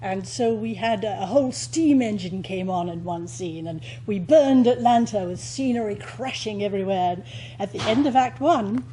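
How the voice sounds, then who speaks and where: A woman's voice: medium pitch, moderate pace, a little hiss or hum, low-quality recording. Older woman, theatrical storyteller. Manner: lively storyteller, theatrical delivery. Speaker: interview guest, stage actress. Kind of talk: anecdotal interview chat.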